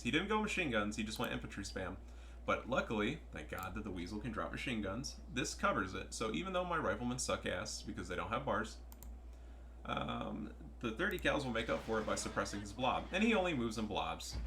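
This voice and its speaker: A young man giving casual, profane, excitable commentary over his own strategy game match. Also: on the low side, slight background noise. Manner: profane, excitable, trash-talking. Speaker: gameplay commentator.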